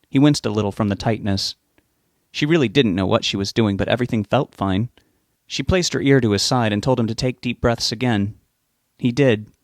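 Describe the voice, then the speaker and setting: A man's voice: on the low side, no echo. Man reading a novel aloud, dry sound. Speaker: audiobook narrator. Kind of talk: scripted narration of a novel.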